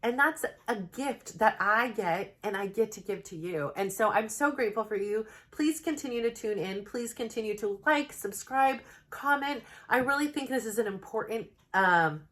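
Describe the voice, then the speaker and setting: A woman's voice: on the high side, moderate pace, few pauses, a bit bright. A woman records a self-help vlog at home, speaking straight to camera in a rambling, earnest way. Her talk is heartfelt and loose, with plenty of filler words as she works through her thoughts. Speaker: self-help vlogger, mother. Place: home, new plain backdrop.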